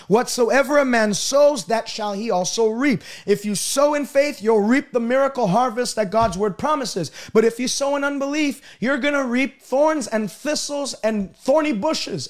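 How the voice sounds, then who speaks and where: A young man preaching a sermon on a broadcast, emphatic and building to loud declarations. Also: very high-pitched, normal speed, hardly any pauses.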